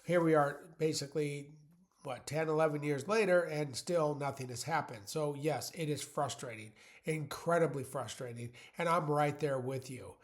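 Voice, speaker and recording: A man's voice: fairly high pitch, moderate pace. A man hosting his own channel, talking blunt and plain-spoken in a rambling motivational monologue. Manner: rambling, many fillers and restarts. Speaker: channel host.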